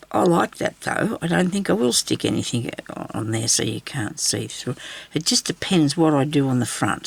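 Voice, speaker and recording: With a very deep, creaky, husky voice, an Australian woman hosts a craft video from her craft table. Her tutorial is casual, and she rambles and mutters to herself as she works.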